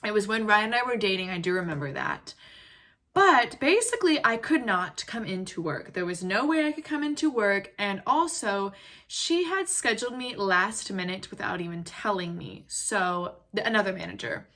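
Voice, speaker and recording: Bright-voiced woman ranting a storytime. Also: mid-range voice, normal speed. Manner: animated, heated retelling with lots of "like" and quoted dialogue. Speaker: vlogger. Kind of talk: storytime rant.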